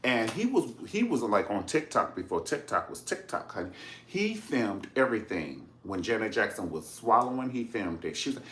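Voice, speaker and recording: A man's voice: fairly low pitch, moderate pace. A man giving a sassy, campy video review in casual commentary, calling the listener honey and swearing freely. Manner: animated storyteller, swears casually. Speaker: documentary reviewer, channel host.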